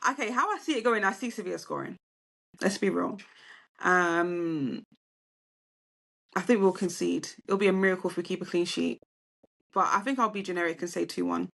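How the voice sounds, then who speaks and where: A woman's voice: on the low side, normal speed, vocal fry, long pauses, a bit bright. An English woman, a guest on a casual football chat, talking in an upbeat, laughing way.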